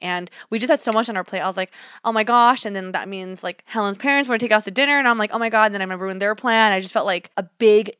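A woman's voice: medium pitch, racing, hardly any pauses, smooth, no room sound, studio quality. A young woman co-hosting a podcast, telling a story in casual chat and acting out the quotes. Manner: animated storytelling, acts out quotes. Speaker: podcast co-host.

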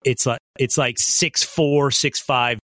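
A man's voice: mid-range voice, fairly even intonation, slow pace, pushed and bright, dry recording. Male podcast host, conversational, pushes points hard, dry close mic. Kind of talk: casual podcast chat.

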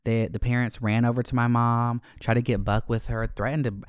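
A young man hosts a podcast and tells stories from his childhood, swearing freely and joking as he goes. His voice is smooth and resonant. The sound is close and dry, with no room echo. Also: mid-range voice, little pitch movement, a little fast. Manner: candid, profane, joking. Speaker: podcast host. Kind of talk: casual storytelling.

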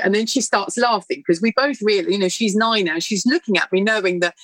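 A middle-aged woman, a guest telling stories in an earnest, animated way. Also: medium pitch, fast talker, no room sound. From United Kingdom. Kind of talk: conversational interview answer.

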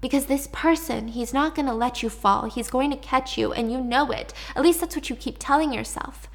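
A woman doing a soft, manipulative captive girl. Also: high-pitched, moderate pace. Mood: pleading. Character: needy, manipulative young woman held captive.

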